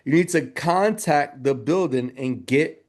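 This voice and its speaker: A man's voice: fairly high pitch, a little slow. Upbeat, joking male trainer. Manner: energetic, joking, addresses audience as y'all. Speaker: business trainer. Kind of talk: live training talk.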